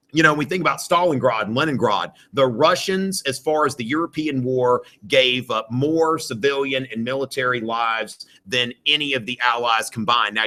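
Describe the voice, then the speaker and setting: A male history teacher runs a live exam review for students in a classroom, rambling with plenty of fillers and jokey asides. His mid-range voice is bright and forceful.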